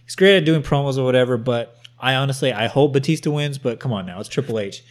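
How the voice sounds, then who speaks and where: A man's voice: medium pitch, quick pace. A man co-hosting a casual chat, retelling events in a rambling way, swearing and tacking on "or whatever". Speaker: podcast co-host.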